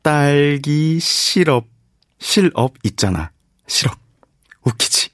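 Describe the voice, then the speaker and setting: Man acting young punster, eager, pushy, smug, very rapid delivery, dry close sound. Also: fairly high pitch, expressive, a bit bright, no room sound. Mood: playful boasting. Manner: eager, pushy, pleased with himself. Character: playful young man eager to tell corny puns. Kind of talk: scripted dialogue for a language lesson.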